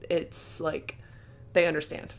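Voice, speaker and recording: Slow and flat, this young woman's low voice carries vocal fry as she recounts a story for her casual vlog. Even so, she gushes with feeling, often says "um" and "like," and breaks into laughter between sentences.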